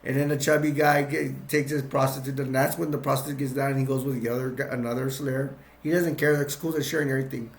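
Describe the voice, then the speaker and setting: A man's voice: mid-range voice, little pitch movement, quick pace, hardly any pauses, a little hiss or hum. Rambling man recapping a film in an echoey room. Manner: rambling, with restarts and frequent chuckles. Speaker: film reviewer. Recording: roomy echo.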